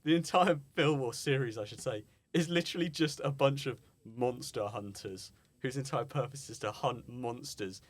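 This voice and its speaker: Young man riffing jokey pitches. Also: normal speed, hardly any pauses. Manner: jokey, riffs out absurd story pitches. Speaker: podcast co-host. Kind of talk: casual chat.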